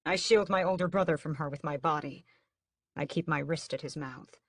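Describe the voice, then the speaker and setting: Low-voiced woman narrating an audiobook. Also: normal speed, no room sound, studio quality. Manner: steady, dramatic storytelling. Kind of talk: first-person audiobook narration.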